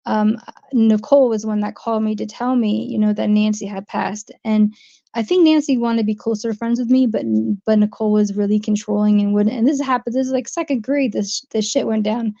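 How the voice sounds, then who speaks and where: Chatty New Jersey woman, gravelly voice. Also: mid-range voice, dark tone, muffled recording. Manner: chatty, rambling, reads and answers viewer comments. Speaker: livestream host. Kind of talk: casual livestream chat.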